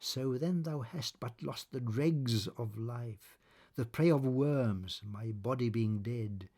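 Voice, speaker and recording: Male poetry reader: rough, breathy voice, unhurried and deliberate verse recitation. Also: medium pitch, dark tone. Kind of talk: reciting sonnets aloud.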